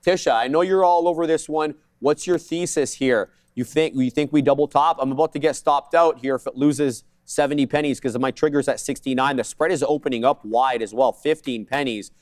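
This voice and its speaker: A man co-hosting a live trading broadcast, rattling off prices, stops and spreads with casual joking asides. His voice sits at a middling pitch, recorded close and dry in a studio. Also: a little mellow, dry recording. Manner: fast jargon-filled trade calls, joking asides. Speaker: day trading show co-host.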